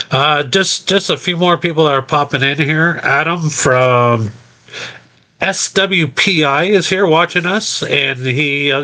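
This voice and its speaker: Brief: man with a bright, forceful voice, friendly live-show host. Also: mid-range voice. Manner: friendly, filler-heavy.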